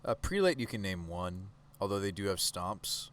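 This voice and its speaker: Male streamer, fairly low voice, loose live-stream commentary, keeps quizzing his chat. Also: very animated, normal speed, a bit bright, slight background noise. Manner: casual, chatty, talks to chat with rhetorical questions.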